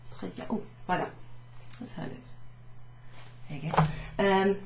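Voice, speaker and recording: A woman French teacher recapping a beginners' lesson, chatty, saying French phrases slowly with teacherly emphasis. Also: mid-range voice, fairly even intonation, a little mellow. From Wales. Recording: echoey room with faint noise.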